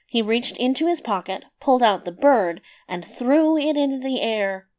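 A woman narrating a fairy tale in a measured, expressive read-aloud manner. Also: on the high side.

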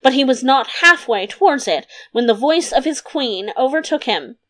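A woman's voice: sits high, expressive, normal speed, fairly bright tone. Woman reading a fairy tale aloud. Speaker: audiobook narrator. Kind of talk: storybook narration.

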